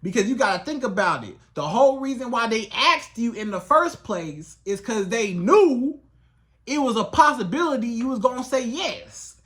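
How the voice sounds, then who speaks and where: A relationship coach talking to camera in a lively, colloquial way, often acting out both sides of a conversation. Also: mid-range voice, normal speed. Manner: animated, colloquial, acts out dialogues. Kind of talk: advice vlog monologue.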